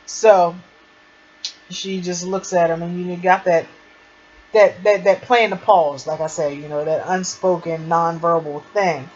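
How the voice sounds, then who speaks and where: A woman's voice: fairly low pitch, steady tone, measured pace, a little mellow, breathy edge. A woman giving a casual, gushing fan recap of a TV drama episode. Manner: chatty, gushing fan retelling of scenes. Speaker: TV episode reviewer. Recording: dull lo-fi sound with faint noise.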